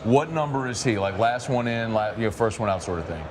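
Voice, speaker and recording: A man's voice: lowish voice, expressive, fairly quick. Jokey male sports interviewer, noisy background. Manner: jokey, playful. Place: busy media event. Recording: background noise.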